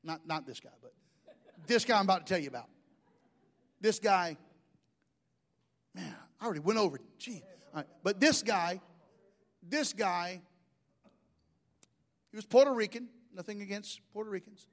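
A man's voice: high-pitched, animated, normal speed, long pauses, a bit bright. A middle-aged man, preaching a sermon in a folksy, joking storytelling way. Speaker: pastor.

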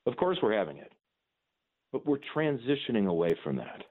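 A man's voice: medium pitch, very animated, brisk. A man hosting a call-in radio talk show, opinionated and emphatic, with mocking asides. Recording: phone-like narrow band.

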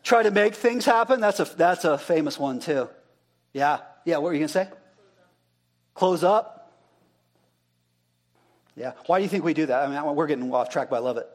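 A man's voice: fairly high pitch, lively intonation, normal speed, long pauses. A male pastor giving an interactive sermon, talking casually and asking the congregation questions, then repeating their answers back.

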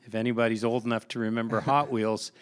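A man's voice: medium pitch, little pitch movement, fast talker, clear, resonant tone. A man, a pastor, chatting on a podcast and telling a work story with lots of restarts and repeated words. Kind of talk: casual podcast conversation.

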